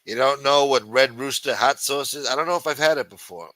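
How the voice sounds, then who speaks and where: A man's voice: medium pitch, a little fast, no echo. A man hosting a live chat stream, swearing constantly, taunting and then muttering as he answers the chat. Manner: loud, taunting, swings between shouting and muttering. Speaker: livestream host. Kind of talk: profane live chat rant.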